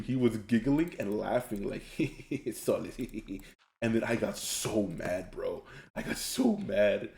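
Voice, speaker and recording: A young man streaming a game, telling stories in a rambling, animated way and laughing often. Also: on the low side, gravelly, roomy sound. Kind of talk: casual chat while gaming.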